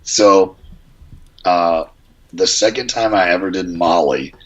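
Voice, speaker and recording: A man's voice: deep voice, takes it slowly, muffled recording, slight background noise. A man guesting on a podcast, telling a story in a dry, laid-back way. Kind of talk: casual storytelling.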